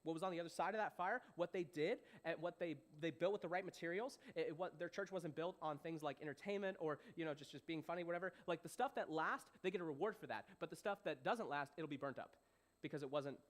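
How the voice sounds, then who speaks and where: A young man teaching a Bible passage as a young adults pastor, conversational and animated, often repeating himself and checking if listeners follow. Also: on the high side, fast. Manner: animated, repeats phrases, asks "does that make sense".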